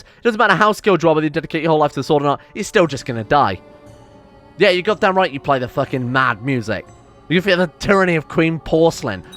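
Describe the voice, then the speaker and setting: A man's voice: on the high side, fairly bright tone. Ranting, swearing man gaming. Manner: swears a lot, exasperated ranting. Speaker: gaming channel host. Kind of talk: casual gameplay commentary.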